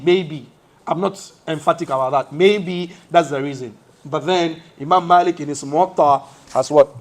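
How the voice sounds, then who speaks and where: A fairly high-voiced man gives a mosque lesson. He quizzes his listeners with rhetorical questions and answers them himself. He walks through each point step by step. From West Africa. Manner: explains step by step, shows hand positions as he speaks. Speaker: Islamic teacher.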